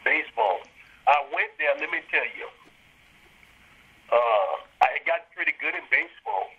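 A man's voice: on the high side, wildly swooping pitch, normal speed, vocal fry, breathy edge. An older man telling his story in an interview, emphatic and checking in with his listener. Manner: emphatic, acts out quoted people, checks in with "you got me?". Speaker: interviewee, retired college baseball coach. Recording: dull lo-fi interview recording.

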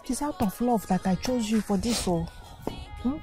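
A woman's voice: on the high side, normal speed, warm tone, faint music behind, close to an everyday voice. A Nigerian actress playing a poor mother who firmly coaxes her crying daughter to go away. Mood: coaxing. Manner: coaxing yet firm, persuasive.

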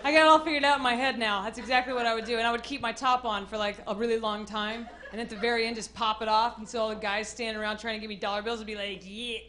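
A woman doing a stand-up comedy set on a club stage, bursting into loud acted-out voices and shouts. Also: on the high side, steady tone, racing, hardly any pauses. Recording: live club with noisy crowd.

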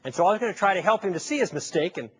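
Speaking very fast in a high, animated, fairly bright voice, a public speaker delivers a persuasive lecture to a live audience. He narrates a story, playing both sides of a dialogue with rhetorical questions, and a little hiss or hum can be heard.

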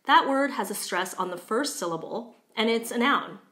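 A woman giving a pronunciation lesson, speaking clearly and deliberately and stretching out example words to show how they sound. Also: on the high side, expressive, pushed and bright. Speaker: language teacher.

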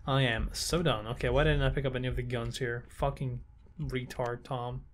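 A man's voice: medium pitch, steady tone, moderate pace, a little hiss or hum. A young man commentating his blind playthrough of a shooter game, frustrated, swearing and taunting the enemies on screen. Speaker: gaming video host. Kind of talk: blind let's play commentary.

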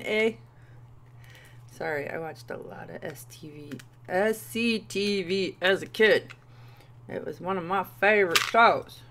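A woman's voice: lowish voice, vocal fry, a bit bright, a little hiss or hum. A woman in her thirties doing a playful candy review vlog, with goofy asides. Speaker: vlogger.

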